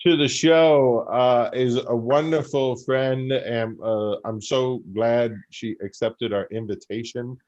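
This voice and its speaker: A man's voice: medium pitch, fairly even intonation, slow, hardly any pauses, darkish tone, lo-fi sound. A man hosting a live-streamed comedy show, introducing the next comic with hesitant filler words. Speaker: host.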